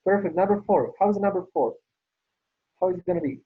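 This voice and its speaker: Over a video call with tinny, phone-like audio, a man teaches an English class online, patiently repeating praise as he goes through the exercises. His voice is high-pitched and brisk, with a breathy edge.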